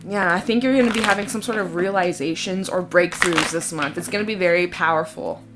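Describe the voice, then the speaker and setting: A woman giving a casual tarot reading in a chatty, expressive way, sometimes giggling and swearing casually. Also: fairly low pitch, a little fast. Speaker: tarot reader. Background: soft background music.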